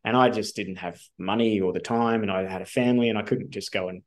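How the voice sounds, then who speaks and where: Swearing, animated Australian man. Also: fairly low pitch, quick pace. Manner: animated, swears casually, many fillers. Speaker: podcast guest, astrologer. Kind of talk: casual storytelling.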